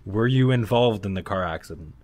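A man's voice: lowish voice, fairly quick. A man hosting a casual comedy podcast, joking and laughing often with his co-hosts. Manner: lively, laughs often, jokey. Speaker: podcast host. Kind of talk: casual chat.

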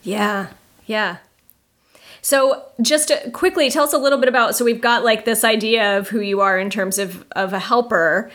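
A woman hosts an interview podcast and asks questions in a friendly, chatty way, laughing often. Her voice sits a bit high for a woman. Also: moderate pace. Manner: warm listener, laughs often, many backchannels. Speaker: podcast host. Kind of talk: conversational interview.

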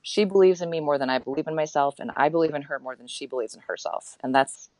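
A woman in her thirties with a low voice talks candidly as an interview guest, often stopping and restarting her sentences. The recording is dry and close. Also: fast, darkish tone, dry recording, low-quality recording. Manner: reflective and candid, with frequent fillers and restarts. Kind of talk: casual interview chat.

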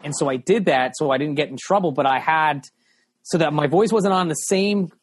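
Loose, higher-voiced podcast host. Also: male voice, moderate pace, slightly rough. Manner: loose, profane, laughing. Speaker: podcast host, former radio DJ. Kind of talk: casual storytelling chat.

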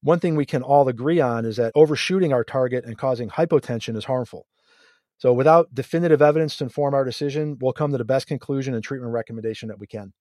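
A man, a guest emergency physician on a podcast, explaining his reasoning in a measured way. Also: mid-range voice, dark tone, no echo, studio quality. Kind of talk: podcast discussion.

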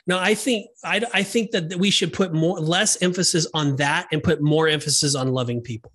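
A man's voice: a little high, brisk, hardly any pauses, a bit bright. Earnest, emphatic man on a faith podcast. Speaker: podcast co-host. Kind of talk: casual faith discussion.

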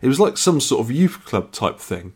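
A man's voice: mid-range voice, very animated, normal speed, a little mellow, breathy edge. A man co-hosting a podcast, telling a long rambling story in casual chat, a bit tired from lack of sleep. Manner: chatty, rambling storyteller with restarts. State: tired and yawning. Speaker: podcast co-host.

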